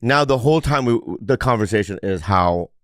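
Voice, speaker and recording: A man's voice: medium pitch, expressive, moderate pace, fairly bright tone, no room sound, studio quality. A man co-hosting a casual comedy podcast, telling a story with lots of swearing and laughter. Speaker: podcast co-host.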